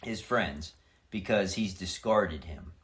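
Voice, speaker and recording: A man's voice: deep voice, takes it slowly. A young adult man co-hosting a casual comedic podcast, retelling an episode with acted-out quotes and plenty of swearing. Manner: animated storyteller, acts out quotes, swears a lot. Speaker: podcast co-host.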